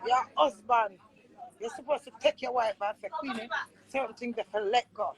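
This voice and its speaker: A woman's voice: a little high, a little fast, a loud crowd, low-quality recording. A young Jamaican woman vlogger ranting in an angry, accusing way, swearing often. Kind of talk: heated rant.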